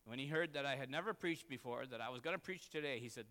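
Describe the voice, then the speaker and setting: A man's voice: medium pitch, fast, sharp tone, big-room sound. A man, preaching a sermon as a pastor and telling a personal story in an earnest, self-deprecating way.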